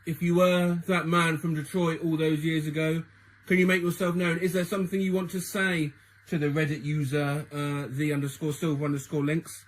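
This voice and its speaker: A man's voice: on the high side, flat delivery, normal speed, pauses often, no room sound, rough recording. A man hosting a comedy video, speaking mock-solemnly as he pretends to channel a spirit. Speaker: host. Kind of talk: comedic voiceover.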